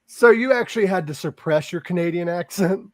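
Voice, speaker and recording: A man's voice: high voice, a little hiss or hum. Joking man hosting a podcast. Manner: joking, quick questions. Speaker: podcast host. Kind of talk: casual chat.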